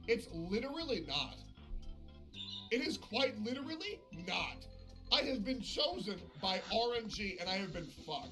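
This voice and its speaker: A man's voice: high-pitched, very animated, normal speed, over music. A man chatting on a live game stream, swearing often and slipping into passive-aggressive sarcasm. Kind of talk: casual live-stream chat.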